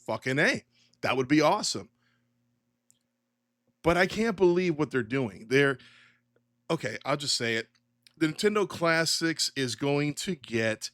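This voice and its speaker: A middle-aged man hosting a casual solo commentary podcast, ranting in an animated, exasperated way and swearing often. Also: on the high side, unhurried, pauses often, no room sound, studio quality. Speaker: podcast host.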